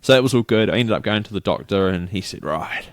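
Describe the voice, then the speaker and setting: Low-voiced New Zealand man telling a story. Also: fast talker, no echo, studio quality. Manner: rambling storyteller, acts out quoted people. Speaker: podcast co-host. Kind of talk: casual chat.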